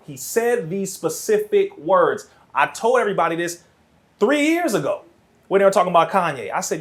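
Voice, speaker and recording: A man sits in a podcast studio as a guest, preaching his point with real fire. His voice sits a little on the high side, and it climbs toward near shouts as he presses on. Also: big pitch swings, moderate pace. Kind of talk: impassioned podcast talk.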